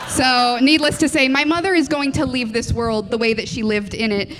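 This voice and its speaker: A young woman comedian in her twenties works a club crowd into a handheld mic, and her voice sits high and bright. She rattles through her material in a self-deprecating way, breaking into little laughs and tossing questions to the audience. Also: slight background noise. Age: 20s. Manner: quick, self-deprecating, giggly delivery with audience crowd work. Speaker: stand-up comedian. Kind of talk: live stand-up set.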